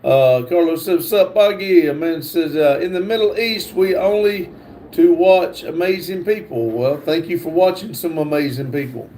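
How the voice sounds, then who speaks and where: A man's voice: on the high side, normal speed, dark tone, a little hiss or hum. A man hosting a casual livestream, reading viewers' comments aloud. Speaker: livestream host.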